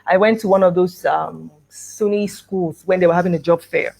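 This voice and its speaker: A woman's voice: on the low side, fairly even intonation, normal speed, gravelly, a little mellow. A middle-aged woman speaking at an education conference, telling a personal story and acting out the dialogue, with light laughs. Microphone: video call.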